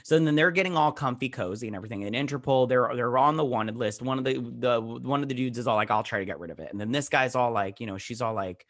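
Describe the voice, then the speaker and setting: A man's voice: mid-range voice, fast talker, few pauses, a bit bright, no echo. A man hosts a casual TV review vlog and rambles through the plot with frequent restarts. He slips into the characters' lines as he retells each scene. His mid-range voice sounds close and dry. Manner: rambling recap, often acting out characters' lines; frequent restarts and "he's all like". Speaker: show host reviewing a TV episode.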